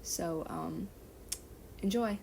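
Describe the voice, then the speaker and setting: Mellow-voiced woman reading fan fiction. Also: fairly low pitch, extremely slow, gravelly, a little hiss or hum. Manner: self-correcting, apologizes for slips.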